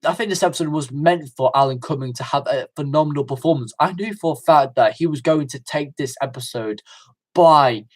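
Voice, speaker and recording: A man's voice: a little high, a little fast. A man giving a casual livestream review, enthusiastic and rambling, with many fillers and restarts.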